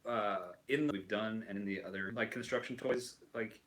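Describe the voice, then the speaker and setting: A man's voice: on the low side, moderate pace, a bit bright, poor audio. A man hosting a casual chat while building a toy kit, rambling with lots of fillers and restarts. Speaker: host.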